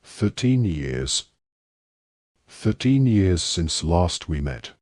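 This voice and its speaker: A man voicing a cold, menacing male dark lord who speaks quietly and softly, in an audiobook reading. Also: deep voice, big pitch swings, very slow, no echo, studio quality, full character voice. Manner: quiet, soft-spoken menace.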